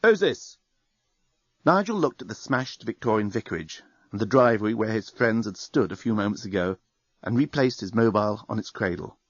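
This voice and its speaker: A man narrating an audiobook with expressive storytelling. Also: lowish voice, brisk, no echo. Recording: dry, dull studio recording.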